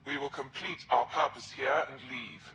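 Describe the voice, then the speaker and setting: An actor playing a scheming alien traitor who speaks in a solemn, measured way. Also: male voice, mid-range voice, steady tone, background noise, lightly acted. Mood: cold solemn. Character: scheming alien Kett traitor, cold and formal. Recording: echoey game audio over loud music.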